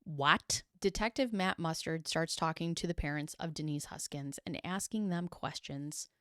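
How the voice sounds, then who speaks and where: A woman telling a true crime story in a casual way, acting out quotes with quick impressions and adding sarcastic asides. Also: sits low, fairly bright tone, smooth, no room sound, clean studio sound.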